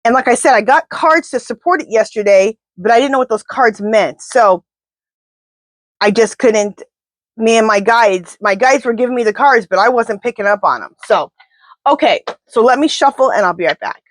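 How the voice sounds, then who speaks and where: A woman's voice: a little high, lively intonation, normal speed, no echo. A woman doing a casual tarot reading to camera, talking to her spirit guides and speaking bluntly and indignantly. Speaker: tarot reader.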